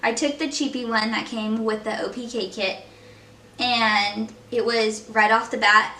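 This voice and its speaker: A woman's voice: on the high side, fairly even intonation, unhurried, sharp tone, distant mic, a little hiss or hum. A young woman vlogger talking casually and from the heart while doing her makeup, with lots of fillers. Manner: chatty, heartfelt, fillers like "like" and "you know". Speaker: beauty vlogger. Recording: echoey room, voice a bit off-mic.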